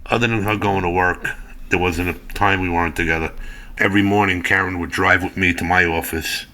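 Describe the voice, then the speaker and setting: Low, flat-voiced man. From Brooklyn, New York. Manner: halting, with frequent fillers. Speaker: interview subject in an animated story clip. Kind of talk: personal recollection.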